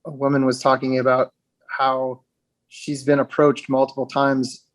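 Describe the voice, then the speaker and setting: A man speaking as an interview guest, reflective and halting, with frequent restarts and fillers. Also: medium pitch, monotone, no room sound. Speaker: guest, actor with dwarfism.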